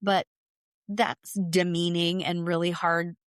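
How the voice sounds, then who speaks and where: A woman's voice: fairly low pitch, level tone, takes it slowly, clear, resonant tone, no echo, clean studio sound. A woman podcast co-host in casual chat, often chiming in to agree and giving blunt opinions.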